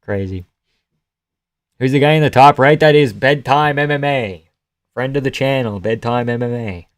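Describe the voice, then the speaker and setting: A man's voice: medium pitch, normal speed, dry recording. Joking young Canadian man, dry mic. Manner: joking, swearing, often laughing. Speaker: streamer. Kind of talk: casual live-stream fight commentary.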